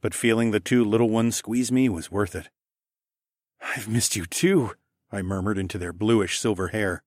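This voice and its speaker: A man's voice: fairly low pitch, steady tone, a little fast, darkish tone, no room sound, studio quality. A man narrating a first-person fantasy audiobook in an easy storytelling manner.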